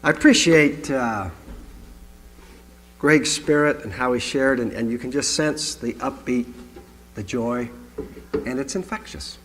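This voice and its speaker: A man's voice: mid-range voice, a little slow, pauses often, a bit bright, a little hiss or hum. A man giving a conversational sermon to a congregation, reading scripture aloud and adding his own asides. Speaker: pastor. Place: congregation hall. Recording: long hall reverb.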